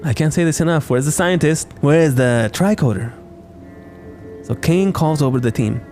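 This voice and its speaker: A man's voice: on the high side, moderate pace, darkish tone, soft background music. A man hosting a podcast, recapping a movie in a rambling, jokey way, often interrupting himself. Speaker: podcast host.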